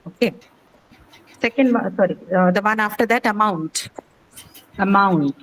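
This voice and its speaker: On a low-quality recording, a woman with a medium-pitched voice at normal speed teaches English pronunciation online. Patient and methodical, she repeats words and checks in with "okay?".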